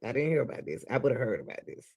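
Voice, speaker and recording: A man with a Southern US accent talks straight to his viewers as he reacts to a clip. His voice is gravelly, and his pitch swings widely as he exclaims and laughs in disbelief. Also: sing-song, fast talker, darkish tone. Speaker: reaction video host. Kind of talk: casual reaction commentary.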